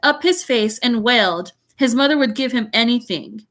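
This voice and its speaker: A bright, lively teacher reading a story aloud to her students on a video call. She keeps pausing to comment and explain in a chatty, animated way, her voice sitting fairly high. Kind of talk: read-aloud storytelling to a class.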